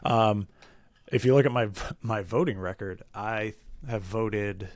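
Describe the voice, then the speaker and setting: A man's voice: fairly low pitch, unhurried, darkish tone, dry recording. Easygoing man on a comedy podcast. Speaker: podcast co-host. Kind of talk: casual chat.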